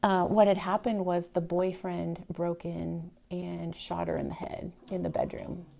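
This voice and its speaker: A woman telling an emotional personal story to a live audience, animated and swinging from loud to near-whisper. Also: on the low side, measured pace, vocal fry. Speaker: speaker telling her real estate story.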